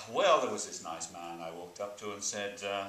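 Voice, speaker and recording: A man's voice: low voice, lively intonation, normal speed, pushed and bright, recorded from a distance, a little hiss or hum. A man playing a mild, hesitant male therapy patient in an improv scene, with dry replies. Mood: sheepish. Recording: roomy live room.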